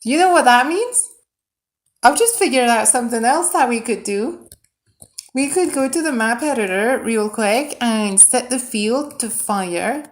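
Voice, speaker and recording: A woman streaming live as she builds a game mod, her pace slow and unhurried. She talks herself through each step and mumbles under her breath, then suddenly jumps up in pitch and volume with excitement. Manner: excitable, thinks aloud, bursts into shouts; mutters quietly while working.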